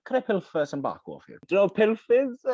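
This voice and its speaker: A man's voice: high-pitched, very animated, moderate pace, a little mellow, no echo, muffled recording. A man co-hosting a podcast, telling a story in casual chat, stumbling over his words, repeating himself and laughing often. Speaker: podcast co-host.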